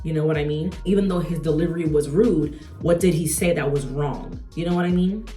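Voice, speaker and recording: A woman's voice: low voice, a little fast, echoey room, recorded from a distance, soft background music. A young adult woman talking casually while she does her makeup, chatty and slangy with lots of rhetorical asides. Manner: slangy and animated. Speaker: beauty vlogger.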